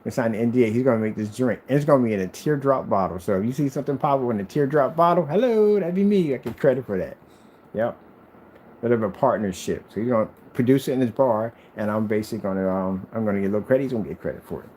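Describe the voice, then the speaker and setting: A man's voice: lowish voice, fast, darkish tone, slight background noise. A man who makes projector screens, talking in a boastful, taunting vlog rant aimed at his critics.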